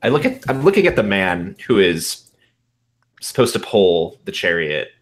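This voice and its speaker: A man's voice: deep voice, sing-song, normal speed. A man playing a tabletop game, asking wry, skeptical questions. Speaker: player.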